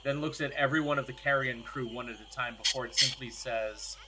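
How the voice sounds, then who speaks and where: A young man narrating a tabletop game as game master, in a relaxed, rambling way. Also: medium pitch, a little fast, noisy background.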